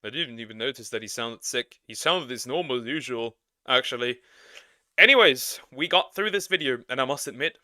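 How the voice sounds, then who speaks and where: A man giving casual reaction commentary, halting and slangy, often repeating himself. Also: medium pitch, sharp tone, no echo, studio quality. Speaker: streamer reacting to a video.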